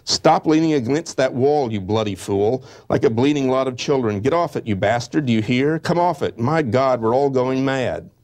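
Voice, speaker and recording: A man reading out the words of an angry young woman shouting and cursing in an air raid shelter, with his voice raised well above his own. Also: medium pitch, normal speed, few pauses, voice pushed up, close to an everyday voice. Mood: furious.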